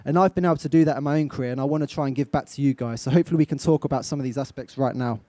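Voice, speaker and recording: Young man coaching an audience, dark voice. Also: medium pitch, racing, no echo. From England. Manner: direct, coaching, asks the audience questions. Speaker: motivational speaker. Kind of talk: live motivational talk to a young audience. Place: event stage.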